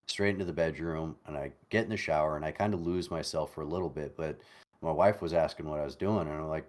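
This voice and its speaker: Podcast guest: man, late 30s, with a very low, deep voice. His talk is thoughtful, halting and full of restarts. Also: darkish tone. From United States. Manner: reflective, halting, repeats words while searching. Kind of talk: casual conversation over a call.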